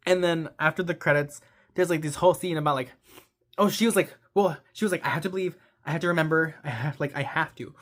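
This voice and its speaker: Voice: mid-range voice, fast talker. Young person gushing about a movie, says like a million times, super sentimental. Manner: rambling, heavy use of "like". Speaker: movie reviewer. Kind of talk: casual movie recap.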